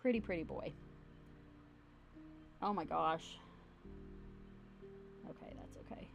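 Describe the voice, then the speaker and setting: A woman with a deep voice and vocal fry speaks slowly as she hosts a casual livestream from home. She chats to her camera in a bubbly, rambling manner over faint background music.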